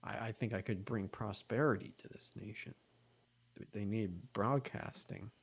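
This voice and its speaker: A man's voice: fairly low pitch, normal speed, gravelly, slightly rough. A man chatting casually as a podcast guest, rambling through stories with many fillers. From United States.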